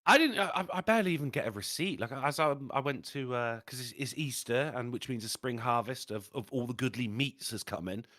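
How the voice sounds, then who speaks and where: Brisk and barely pausing, a British man with a medium-pitched voice co-hosts a podcast, full of profanity and mischievous tales. He's lively and chatty, and the sound is dry and studio-clean.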